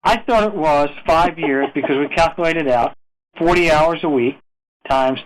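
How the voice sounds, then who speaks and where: Man, podcast host, joking, teasing, casual chat, slightly high voice. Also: moderate pace, rough recording.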